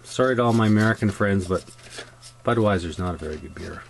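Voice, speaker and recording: This fairly low-pitched man with a Canadian accent talks fast and with vocal fry as he rambles through a scale-model weathering tutorial, chatty, often restarting, and peppered with ums. A little hiss or hum sits in the background.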